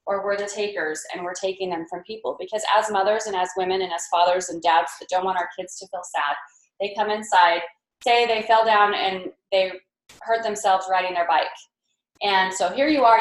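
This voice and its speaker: A mother presenting at a team training to a live group, telling animated stories and acting out quoted voices. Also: medium pitch. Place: meeting room with a live audience. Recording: echoey room.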